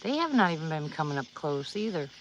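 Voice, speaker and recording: A woman's voice: low-pitched, very animated, fast talker, slight background noise, poor audio. Rambling woman chatting outdoors at night. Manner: rambling, earnest, restarts often. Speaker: livestream vlogger. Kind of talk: casual storytelling to viewers.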